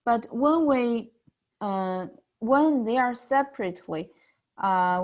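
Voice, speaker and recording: Patient woman teacher, very slow delivery, exaggerated vowel demos, mid pitch. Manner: patient, models sounds with drawn-out exaggerated vowels. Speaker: Chinese language teacher. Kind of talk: beginner language lesson.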